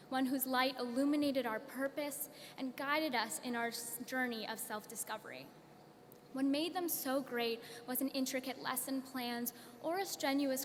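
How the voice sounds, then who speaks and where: A young woman student presenting an award in a formal, measured prepared speech. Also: a little high, a bit bright. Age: young adult. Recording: long hall reverb, faint noise.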